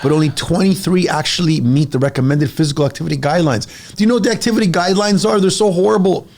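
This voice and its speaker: A man in his forties, a fitness coach talking in a casual podcast chat, energetic and blunt, pushing listeners with emphatic advice. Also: fairly high pitch, quick pace, creaky, slight background noise.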